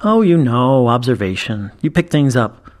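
A man voicing a young squire with a brisk, deadpan delivery. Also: medium pitch, natural voice. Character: young male squire, dry and sly.

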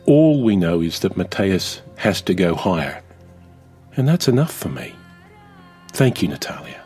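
Lively low-voiced male podcast host. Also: measured pace, faint music behind. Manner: enthusiastic, reflective. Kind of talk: podcast commentary.

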